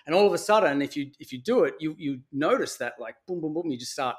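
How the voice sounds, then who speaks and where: A man talking as a podcast guest and coach, earnest and motivational, swearing casually in relaxed conversation. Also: a little high, quick pace, hardly any pauses, slightly rough.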